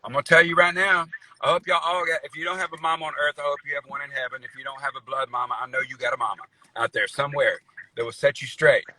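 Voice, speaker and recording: Over a video call, a middle-aged country singer spins rambling, folksy stories in a casual interview, saying "y'all" and packing in fillers. His voice is fairly high and sharp, with fairly even intonation and a quick pace. The audio is poor, with slight background noise.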